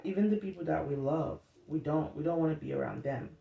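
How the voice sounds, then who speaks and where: A woman's voice: sits low, fairly quick, creaky, lo-fi sound. A woman talking candidly in an unscripted self-help vlog, rambling and swearing freely. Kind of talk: unscripted casual monologue. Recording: roomy, distant mic, faint noise.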